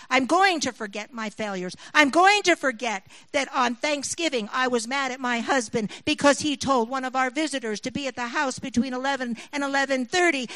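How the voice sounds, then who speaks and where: A middle-aged woman with a high, slightly bright voice preaches a sermon, shifting between scripture reading and personal stories. Her voice rises with emphasis when she appeals to her listeners, captured in a rough recording with no echo.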